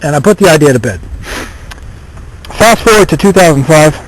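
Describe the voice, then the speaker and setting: Rambling man with a slightly high voice. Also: lively intonation, moderate pace, a little hiss or hum, rough recording. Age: 30s. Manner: rambling, self-deprecating, many fillers. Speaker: vlogger. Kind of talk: casual storytelling monologue.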